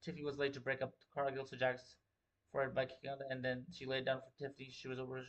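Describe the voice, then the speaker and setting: Young male livestream host, loose and profane, rambling commentary, mid-pitched voice. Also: monotone, fast talker, highs cut off. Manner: profane, rambling, repeats filler words. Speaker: wrestling show host.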